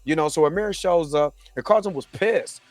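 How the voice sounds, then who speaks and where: A male show host with a voice on the high side, speaking at normal speed, casually recaps a TV episode in a conversational style, often asking "you know what I mean."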